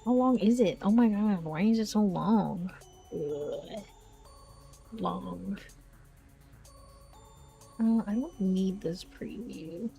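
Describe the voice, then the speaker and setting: Woman streamer chatting w her viewers, rambly and exasperated, mid pitch, soft game music behind. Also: slow, creaky, long pauses. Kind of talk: casual live-stream chat. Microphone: desk microphone.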